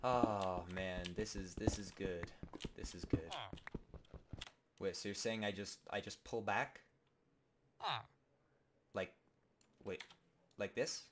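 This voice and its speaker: A man giving goofy, rambling, mock-dramatic commentary while playing a video game, with sudden bursts of shouting. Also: lowish voice, slow, long pauses. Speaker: gaming video host. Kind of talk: comedic Let's Play commentary. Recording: noisy home recording with keyboard clicks.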